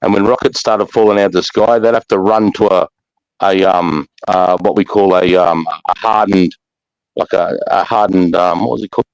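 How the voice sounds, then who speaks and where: A middle-aged Australian man, a former soldier, telling war stories in casual, rough-spoken chat, swearing freely and trailing off into fillers. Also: low voice, fairly even intonation, moderate pace, no room sound, poor audio. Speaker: army veteran guest.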